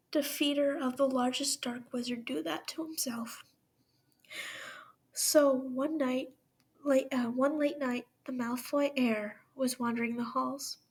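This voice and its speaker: A woman reading fanfiction aloud into a voice recorder, softly and often half whispered. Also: sits high, husky. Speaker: fanfiction reader.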